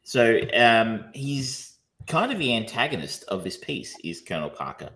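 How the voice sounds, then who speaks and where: A man's voice: mid-range voice, very animated, moderate pace, a bit bright. A man co-hosting a podcast, talking casually and rambling, with frequent ums, restarts and casual swearing. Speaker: podcast co-host reviewing films. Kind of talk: casual chat.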